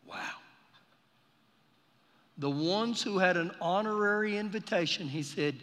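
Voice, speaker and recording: A man preaching a sermon during a live church service, telling stories with passion and building to shouts. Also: high voice, a little slow, pauses often. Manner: impassioned, storytelling, swells to shouting. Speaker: pastor. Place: church sanctuary. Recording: live service in a reverberant hall.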